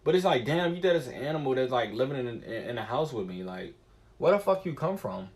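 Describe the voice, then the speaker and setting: A man rambling through a casual streamer monologue, his pitch swinging up and down as he gets worked up. He swears constantly and muses aloud in an animated, wandering way. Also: fairly quick. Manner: profane, animated and musing.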